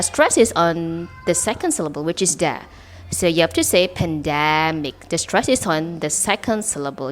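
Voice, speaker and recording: A woman's voice: lowish voice, slight background noise. A woman with an Indonesian accent, a native Indonesian speaker, giving a casual English lesson, chatty and full of examples and fillers. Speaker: English teacher. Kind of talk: casual teaching video.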